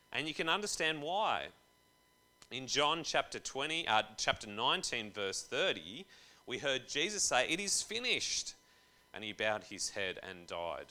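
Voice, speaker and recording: A man's voice: medium pitch, sharp tone. A young man giving a casual, jokey sermon to a church group, full of slang and asides.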